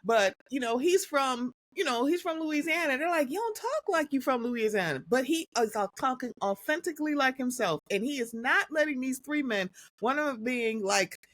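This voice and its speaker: Animated high-voiced woman hosting a podcast. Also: normal speed, few pauses, no room sound. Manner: animated, sassy storytelling. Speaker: podcast host. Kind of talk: casual podcast chat.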